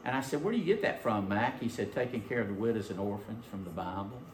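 A man preaching a sermon, telling a story in an animated, folksy way. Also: fairly low pitch, fast, reverberant, crowd noise. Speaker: pastor. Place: church sanctuary.

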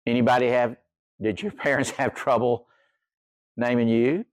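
A man's voice: medium pitch, steady tone, normal speed, dry recording. An older man preaching a sermon, telling a humorous story in a folksy way. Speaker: pastor.

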